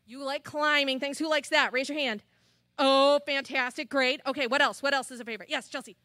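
A woman telling a children's story at church, animated and chatty with the kids, into a handheld mic. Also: sits high, brisk, no echo. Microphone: handheld microphone.

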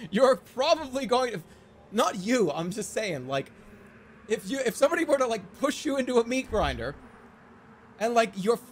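A man streaming live, chatting casually and reading viewer stories aloud in an excitable, jokey way. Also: extremely high pitch, moderate pace, slight background noise. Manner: excitable, jokey, prone to laughing fits. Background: faint music.

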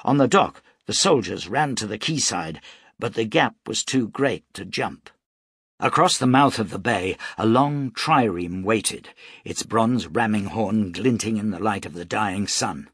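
A man narrating an audiobook in a measured, dramatic storytelling manner. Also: on the low side, lively intonation, fairly bright tone, husky, no echo, studio quality.

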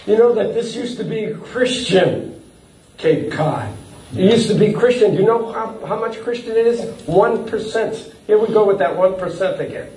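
A man delivers a sermon in a high voice, animated and quick to chuckle. He stumbles through uh and repeated words as he goes. The mic is some distance off, so the hall's echo and a faint hiss of room noise carry around him. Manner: animated, chuckling often, with frequent uh fillers and repeats. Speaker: pastor. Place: church hall. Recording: echoey hall, from far off.

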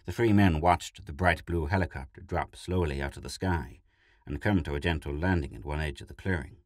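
A man narrating a science fiction short story in a steady, measured reading style. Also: rumbling low, dry recording, clean studio sound.

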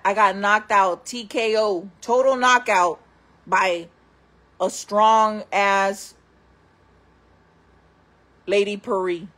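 A woman vlogger telling wild stories in casual talk, laughing often, calling her viewers friends and acting out other people in loud voices. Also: mid-range voice. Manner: acts out quoted people in loud raised voices.

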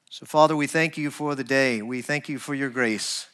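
A man preaching a sermon as pastor, earnest, rising to emphatic points and dropping to soft, quiet asides. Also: mid-range voice, moderate pace, hardly any pauses, clear, resonant tone. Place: church.

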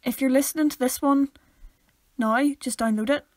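A woman's voice: sits high, fairly even intonation, moderate pace, a little mellow, no echo. A young woman with a Northern Irish accent, co-hosting a casual podcast, chatty and laughing often as she talks over her sister. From Northern Ireland. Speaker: podcast co-host. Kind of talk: casual chat.

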